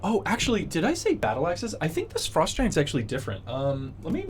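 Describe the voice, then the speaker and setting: A man's voice: on the high side, huge pitch swings, fast talker, slight background noise. A man running a tabletop game as dungeon master, patiently explaining the rules and narrating the scene, with many fillers along the way.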